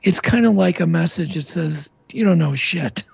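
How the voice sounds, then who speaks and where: Male podcast host, high and gravelly, curious and easygoing, dull dry audio. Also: moderate pace, dry recording. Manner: curious, laughs easily, asks open questions. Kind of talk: casual interview chat.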